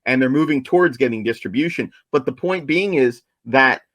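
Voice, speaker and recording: Man, podcast co-host, eager and repetitive for emphasis, mid-pitched voice, dry close sound. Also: moderate pace, a bit bright, dry recording. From New Jersey, USA. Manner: enthusiastic, repeats points for emphasis. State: coughing, apologizes for it. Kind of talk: casual podcast chat.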